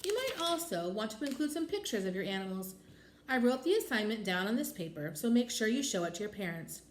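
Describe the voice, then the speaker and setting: A woman voicing a patient, kindly female schoolteacher in a children's storybook, speaking calmly. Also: a little high, brisk, roomy sound, slight background noise. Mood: instructive. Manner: calm, instructive.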